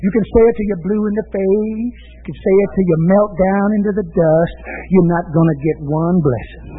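A man preaching a fiery sermon, swinging between shouts and low growls. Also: fairly even intonation, fairly quick, soft background music. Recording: tinny lo-fi phone-like recording.

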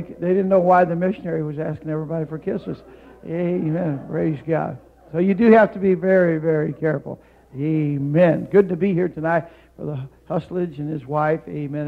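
In a church sanctuary, a male guest preacher and missionary delivers a Pentecostal sermon, rising to shouted peaks before dropping into calm storytelling. His voice is a little high with vocal fry, heard in phone-quality sound, and he fills pauses with "amen" and "hallelujah."

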